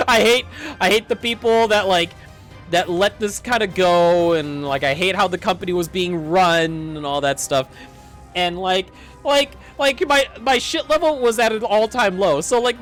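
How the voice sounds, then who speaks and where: High-voiced guy ranting about a retail job, super lively, faint music behind. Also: moderate pace. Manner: animated, acts out dialogue, swears and laughs. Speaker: streamer telling a work story. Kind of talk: casual ranting storytelling.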